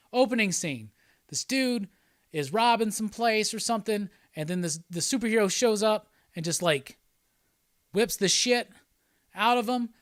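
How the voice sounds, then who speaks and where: Casual male streamer, loose and profane, a slightly high voice in a dry room. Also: a bit bright, no room sound. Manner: rambling and profane, with frequent laughs. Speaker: host. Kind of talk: casual livestream chat.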